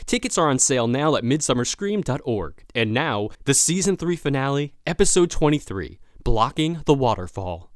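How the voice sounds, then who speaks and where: A man with a New Jersey accent presents a podcast announcement in a jokey, self-mocking way. His pitch bounces around lively. The sound is dry and close. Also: normal speed, hardly any pauses, dry recording. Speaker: podcast host. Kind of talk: scripted announcement.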